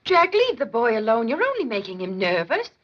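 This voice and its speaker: A woman playing a gentle, protective middle-aged mother in a 1950s film comedy, pleading softly, on a lo-fi old soundtrack. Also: a little high, huge pitch swings, a little fast.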